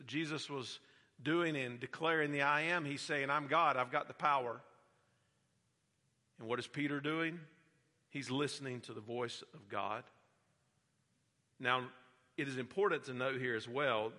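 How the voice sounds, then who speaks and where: A man preaching a sermon as a pastor. He builds to loud, emphatic peaks, then drops back to quiet, earnest teaching. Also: mid-range voice, in a large hall.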